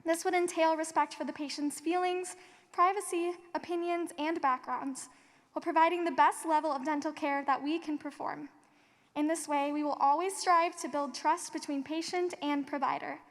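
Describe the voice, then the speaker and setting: High-voiced young woman reading a pledge. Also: fairly even intonation. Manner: earnest, measured recitation. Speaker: student. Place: large auditorium. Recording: reverberant hall.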